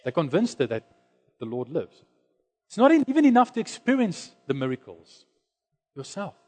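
A man preaching a sermon, dropping to hushed low lines and then rising to loud, high exclamations. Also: huge pitch swings, normal speed. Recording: long hall reverb.

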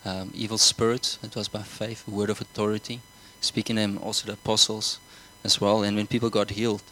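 A man's voice: on the low side, level tone, a little fast, bright, forceful tone, slight background noise, poor audio. A man preaching a sermon, earnest, often repeating words and asking the congregation whether they follow. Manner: earnest, repeats himself, asks the congregation questions.

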